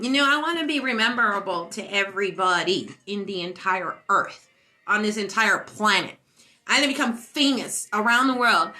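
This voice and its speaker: A woman's voice: mid-range voice, sharp tone. A stoned woman hosting a casual livestream, rambling, boastful and giggly. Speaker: livestream host.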